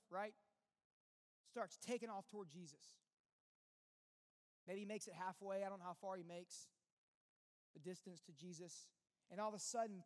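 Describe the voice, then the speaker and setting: A pastor preaching a sermon in an earnest, conversational way, full of rhetorical questions. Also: male voice, high voice. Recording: long reverb with faint music behind.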